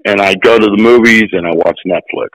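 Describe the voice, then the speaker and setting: A man in his sixties, an actor being interviewed, telling stories in a lively, casual way. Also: fairly low pitch, brisk, no echo, poor audio. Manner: animated, jumps into acted voices. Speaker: guest actor. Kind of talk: casual storytelling.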